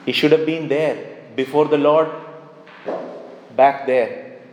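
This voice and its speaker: A man's voice: a little high, steady tone, slow pace. A man preaching a sermon emphatically, repeating key phrases to drive them home. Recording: echoey hall reverb.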